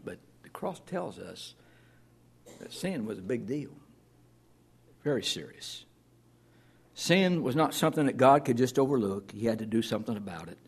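A man's voice: mid-range voice, slightly rough. A man preaching a sermon as pastor, plain-spoken and earnest, reading scripture aloud.

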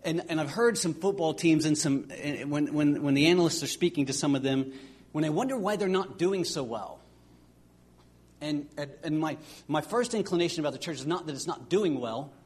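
Male preacher, husky, somewhat high, earnest sermon delivery with halting restarts. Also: darkish tone.

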